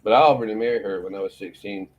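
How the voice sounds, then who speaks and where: A middle-aged Florida man hosts a morning show, telling rambling, profane stories in casual chat and laughing often. His voice is on the low side with a darkish tone, he talks at a racing pace, and the sound is lo-fi.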